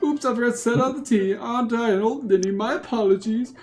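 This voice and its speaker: A man's voice: very high-pitched, fast, a little mellow, faint music behind. A man voicing a chatty, forgetful old male turtle, rambling in a doddering, chuckling old-man drawl. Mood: nostalgic. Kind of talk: reading game dialogue in a put-on voice.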